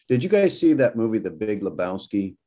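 A man in a casual group chat, retelling a film scene in a loose, animated way. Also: fairly low pitch, brisk. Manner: animated, loose storytelling with "kinda" and "like".

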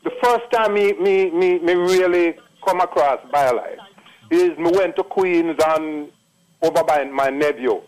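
A man's voice: on the high side, a little slow, a little mellow, poor audio. A man in his late sixties with a Jamaican accent, calling into a radio show and telling a long testimonial in an emphatic, repetitive patois manner. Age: 60s. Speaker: caller. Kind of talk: phone-in testimonial.

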